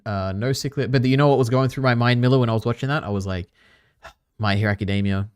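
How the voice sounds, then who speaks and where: A man's voice: mid-range voice, racing, clean tone, no room sound, clean studio sound. A man chatting casually on a live stream, reacting to clips and rambling with lots of filler words. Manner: rambling, many fillers, chatty asides to chat.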